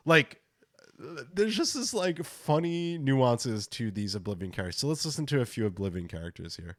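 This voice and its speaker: A man's voice: a little high, very animated, normal speed, fairly bright tone, dry recording, studio quality. A man hosting a casual gaming podcast, talking enthusiastically and rambling as he reacts to clips. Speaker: podcast host.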